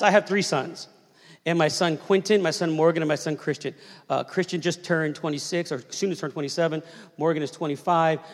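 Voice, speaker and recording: A man in his fifties delivers a sermon in a conversational, storytelling way, calling on the congregation to answer him. His voice sits high for a man. The sound rings out with a long reverb, as in a large church. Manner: conversational storytelling preacher, asks the crowd to respond. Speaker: pastor.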